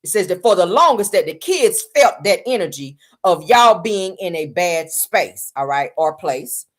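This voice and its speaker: A woman hosts a casual reality-show recap, calling her viewers "y'all" and retelling the quotes from the episode in a chatty way. Her voice is fairly low and sing-song, at a measured pace.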